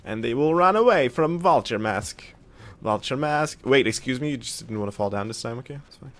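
A man's voice: mid-range voice, animated, a little fast, fairly bright tone. Man chatting through a video game. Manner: chatty, reacts aloud and jokes to himself while playing; reads out and answers viewer comments. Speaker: gaming video host. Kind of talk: casual let's-play commentary.

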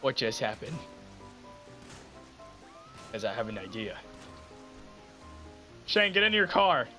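A man playing a video game with friends, loud and swearing, yelling and laughing in disbelief at the chaos. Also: medium pitch, sing-song, slow pace, music in the background, poor audio. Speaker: gamer. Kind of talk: chaotic gaming commentary with friends.

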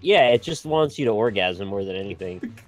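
A man chatting during a party game, dropping dry, deadpan quips. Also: on the low side, a little fast, over music. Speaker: stream regular. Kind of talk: casual chat while playing a party game.

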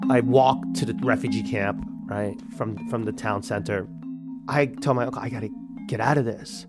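A man's voice: mid-range voice, a little fast, music in the background. A man in his thirties candidly telling a personal story, acting out the voices of people he quotes. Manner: animated, acts out quoted voices.

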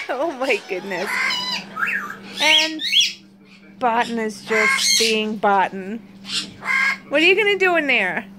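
High-pitched woman vlogger, slow and cooing, loud parrot squawks behind. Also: very animated, very noisy. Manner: coos baby talk at her birds. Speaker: pet bird channel host. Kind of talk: casual bedtime vlog to viewers. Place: home at night with pet birds.

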